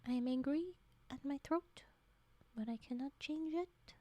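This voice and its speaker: High-voiced woman reading stories on stream. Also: measured pace, dark tone. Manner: reads aloud, breaks off for joking commentary. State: voice straining, short of breath. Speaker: storyteller streamer. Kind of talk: livestream story reading with chat asides.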